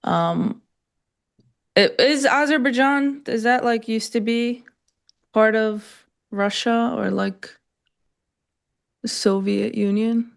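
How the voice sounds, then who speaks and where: A woman's voice: on the high side, takes it slowly, vocal fry, long pauses. Chatty woman co-host, loose and filler-heavy. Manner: loose, filler-heavy, talks to chat viewers. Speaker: trading stream co-host. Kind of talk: casual live-stream chat.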